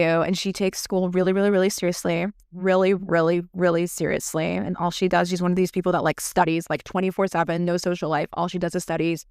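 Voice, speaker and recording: A woman's voice: fairly low pitch, smooth, dry recording, studio quality. A woman hosting a podcast, telling a personal story in a chatty, casual way, swearing freely and filling with "like". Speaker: podcast host.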